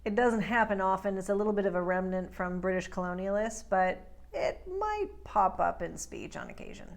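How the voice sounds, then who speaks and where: A woman speech coach teaching accent sounds, giving clear explanations and slowly modeling drill words. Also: medium pitch, expressive. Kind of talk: accent lesson.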